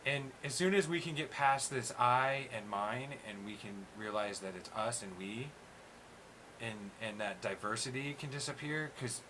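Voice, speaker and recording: A man in casual chat, hosting, ranting loudly and swearing constantly. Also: mid-range voice, moderate pace, noisy background. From USA. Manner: profane, ranting, animated. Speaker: host.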